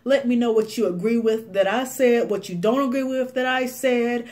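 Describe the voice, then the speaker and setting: A woman's voice: fairly high pitch, normal speed. A young woman vlogging to camera, ranting casually with lots of fillers and frequent laughs. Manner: animated, laughs often, many fillers. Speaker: beauty vlogger.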